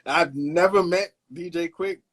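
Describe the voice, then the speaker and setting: A man's voice: on the high side, a little slow, fairly bright tone. Brooklyn guy in his 50s, easygoing, lots of uh's, telling old stories in an interview. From Brooklyn, New York. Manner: laid-back, anecdotal, hesitates with "uh", laughs along. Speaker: guest, illustrator. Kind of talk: casual storytelling interview.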